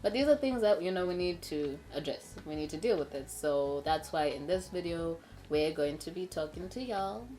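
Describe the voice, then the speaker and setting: A woman's voice: fairly low pitch, animated, normal speed, hardly any pauses, dark tone. A young adult woman co-hosting a casual chat, telling a story animatedly with frequent laughter and many "right?"s. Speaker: co-host.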